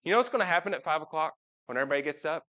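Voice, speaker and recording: A man preaching in a relaxed, folksy way, turning to the pews with questions. His voice sits a little high for a man. The church livestream audio is dull and muffled. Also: very fast. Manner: folksy, talks with the congregation, asks them questions. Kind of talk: casual sermon. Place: church sanctuary.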